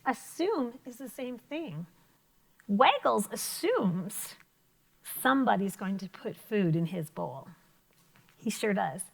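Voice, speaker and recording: Lively teacher woman with vocal fry. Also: medium pitch, takes it slowly. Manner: encouraging, talks to young pupils with questions and praise. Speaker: elementary school teacher. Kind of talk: remote vocabulary lesson for children.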